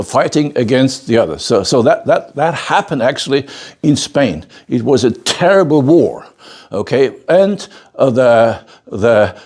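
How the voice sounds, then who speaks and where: An older man with a medium-pitched, somewhat dark voice lectures a bonsai masterclass, telling a story with emphasis. He keeps restarting phrases and repeating words, and he checks in with the class by often asking "okay?"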